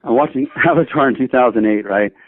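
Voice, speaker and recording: Animated man telling stories over a tinny line. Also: medium pitch, quick pace, dry recording. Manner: animated, acts out both sides of the dialogue. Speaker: guest, shooting instructor. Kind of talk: casual anecdote storytelling. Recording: dry, tinny phone-like audio.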